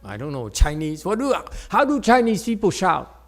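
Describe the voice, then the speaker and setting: A man's voice: sits high, wildly swooping pitch, normal speed. A man giving a Buddhist dharma talk to a live audience, playful and joking, often checking in with his listeners. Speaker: Chan meditation teacher. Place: meditation center hall with audience.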